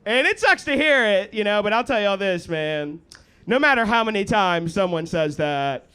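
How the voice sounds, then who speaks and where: A man's voice: sits high, big pitch swings, normal speed, smooth. A man born in India doing a self-mocking stand-up set on a club stage, chatting with the crowd. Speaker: stand-up comedian. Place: comedy club stage with a laughing audience. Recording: loud crowd laughter behind.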